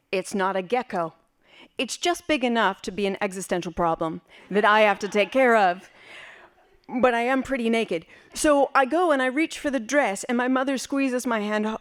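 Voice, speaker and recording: Woman from west berlin telling a story live, playful and lively, voice jumps around a lot. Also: medium pitch. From West Berlin, Germany. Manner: animated, vivid, playful.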